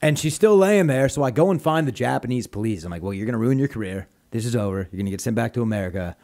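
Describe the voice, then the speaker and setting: A man's voice: medium pitch, expressive, quick pace, darkish tone. A young man, a comedian guest on a podcast, telling a rambling, profane story in casual chat. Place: podcast studio.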